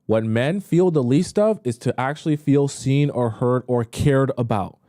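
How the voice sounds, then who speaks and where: A man's voice: measured pace, no echo, clean studio sound. A man giving dating advice to women in a casual, talkative way as host of his own channel. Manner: casual, animated, jokes with mocking high voices.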